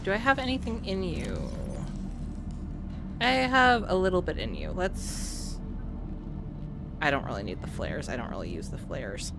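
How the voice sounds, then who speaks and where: This streamer has a lowish, creaky voice that is very animated yet unhurried, with frequent pauses. She chats casually to viewers and herself while gaming, with game music and a noisy background behind her.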